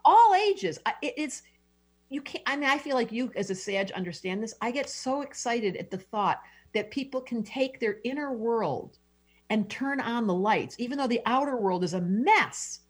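Here the astrologer guest, a middle-aged woman, has a fairly high, slightly rough voice and speaks at an ordinary speed. She gushes emotionally through the interview and keeps restarting what she's saying.

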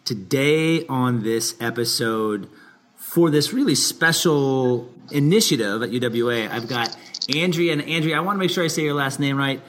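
A man's voice: mid-range voice, moderate pace, fairly bright tone. A man hosting an interview podcast, chatty and upbeat, laughing often. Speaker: podcast host.

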